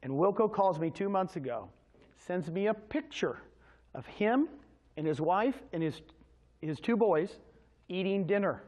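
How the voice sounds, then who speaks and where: A man's voice sits high and unhurried, pausing often, as he gives a motivational, energetic sales presentation at a real estate agents' meeting. He keeps quizzing his listeners with questions.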